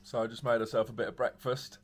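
A man's voice: mid-range voice, level tone, quick pace. Chatty young English man vlogging. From England. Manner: chatty and laughing, talking straight to viewers. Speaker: travel vlogger. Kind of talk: casual vlog chat.

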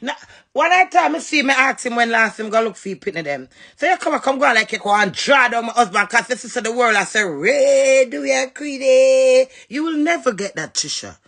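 A woman's voice: on the high side, very animated, quick pace, bright, forceful tone, husky. A woman with a Jamaican accent, cussing and scolding in a confrontational livestream rant. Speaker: social media livestreamer.

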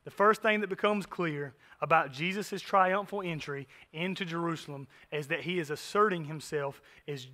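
A man's voice: fairly high pitch, sharp tone. A man preaching a sermon, emphatic and earnest, often turning to ask the congregation directly if they follow him. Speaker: pastor.

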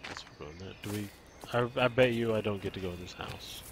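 A man's voice: lowish voice, fairly quick, background noise. A man hosting a let's play, chatting and joking to himself while he explores a game. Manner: chatty, musing aloud, joking. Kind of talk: casual gameplay commentary.

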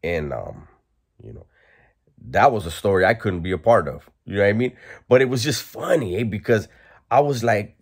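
A man's voice: fairly low pitch, expressive, moderate pace, vocal fry, breathy edge. Laid-back man telling a story. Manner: laid-back, profane, laughs while telling. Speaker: storyteller vlogger. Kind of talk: casual storytelling.

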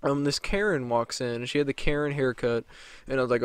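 A man's voice: medium pitch, fairly even intonation, fairly quick, clear, resonant tone, dry recording. A young man telling a story as a vlogger, rambling, heated and profane. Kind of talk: storytime rant.

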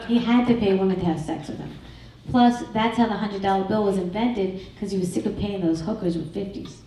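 A middle-aged woman performing a stand-up comedy set, crude and brash with a deadpan, self-mocking delivery. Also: medium pitch, slight background noise. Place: comedy club stage. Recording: echoey club recorded from far off.

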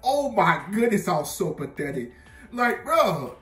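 Young male vlogger with a high voice, rambling and self-mocking, recorded in an echoey room away from the mic with faint music. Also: big pitch swings, unhurried, fairly bright tone. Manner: rambling, filler-heavy, laughing at himself. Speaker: vlogger telling a personal story. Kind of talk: casual storytime monologue. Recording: roomy sound, mic at a distance, faint music.

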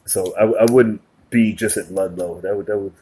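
A husky-voiced podcast host talks in casual chat. The host is chatty, laughs easily and fills pauses with quick agreements. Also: low-pitched, steady tone, mellow. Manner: chatty, laughs often, lots of filler agreement.

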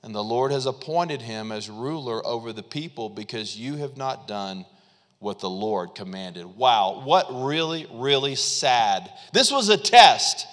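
A man preaching a sermon as pastor, animated and acting out quotes with frequent chuckles. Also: mid-range voice, unhurried. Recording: long hall reverb.

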